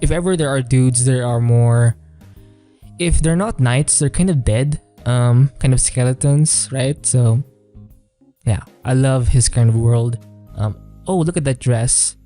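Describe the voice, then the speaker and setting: A man's voice: mid-range voice, unhurried, faint music behind. A man giving casual, rambling commentary on artwork, full of fillers and hedging phrases. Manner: relaxed, rambling, many fillers and "kind of". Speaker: artist reviewing artwork.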